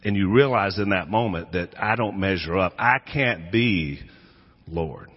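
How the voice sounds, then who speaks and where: Male pastor, slightly raspy mid-range voice, dramatic storyteller, long hall reverb on a dull recording. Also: low voice, unhurried. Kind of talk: sermon. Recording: echoey hall, dull lo-fi sound.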